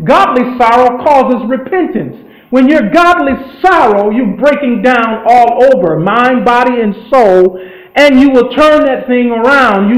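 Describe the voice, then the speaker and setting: A man's voice: very high voice, roomy sound, low-quality recording. A man preaching a sermon, retelling scripture in an earnest storytelling way with loose grammar.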